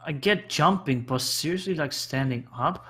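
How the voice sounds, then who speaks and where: Excitable man with a slightly high voice. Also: husky. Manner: excitable, halting storytelling with repeats and restarts. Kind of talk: casual chat.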